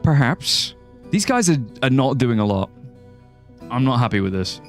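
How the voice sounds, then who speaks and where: Guy streaming a game, rambly and jokey, laughs a lot, voice bouncing up and down, quiet music behind. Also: mid-range voice, big pitch swings, moderate pace. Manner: rambling, joking, often laughing. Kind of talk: casual live-stream chat over gameplay. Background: faint music.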